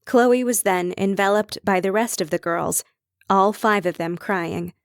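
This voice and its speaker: Woman reading an audiobook, steady storytelling, dry close sound. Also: medium pitch, unhurried, vocal fry, no room sound. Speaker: audiobook narrator. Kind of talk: scripted narration.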